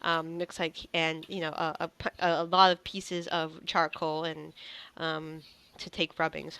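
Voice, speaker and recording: A woman's voice: low voice, level tone, measured pace, bright, forceful tone, smooth. A woman narrating a tabletop game as game master, rambling with many fillers and restarts.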